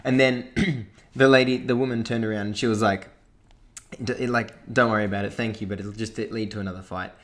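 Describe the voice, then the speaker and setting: A man's voice: lowish voice, fairly even intonation, a little fast, fairly bright tone. A young Australian man, a podcast co-host, telling a long story in casual chat and swearing freely along the way.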